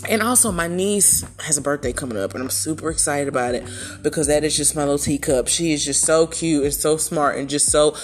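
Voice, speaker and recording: A middle-aged woman hosting a casual solo podcast from her home, chatty and animated, with playful asides. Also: sits low, a little fast, soft background music. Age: middle-aged or older. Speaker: podcast host. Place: at home in a chair.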